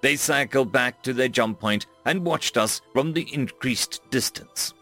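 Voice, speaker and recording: A man narrating a first-person science-fiction story with dramatic, expressive delivery. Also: medium pitch, measured pace, soft background music.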